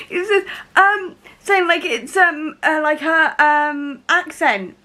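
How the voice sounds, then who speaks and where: A young woman vlogging at home about a book she is reading, talking in an excitable, rambling way with many fillers, into a camera mic. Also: sits high, takes it slowly. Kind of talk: casual reading vlog.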